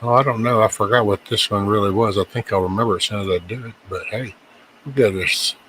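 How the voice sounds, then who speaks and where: A man's voice: on the low side, fairly even intonation, fast, fairly bright tone, slight background noise, low-quality recording. A man hosting a casual show, talking in a laid-back way and muttering and humming to himself between songs. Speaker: host. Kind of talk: casual chat.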